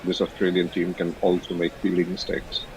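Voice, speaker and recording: A man commenting on cricket in live radio chat, prone to excitable interjections. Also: low-pitched, brisk, low-quality recording.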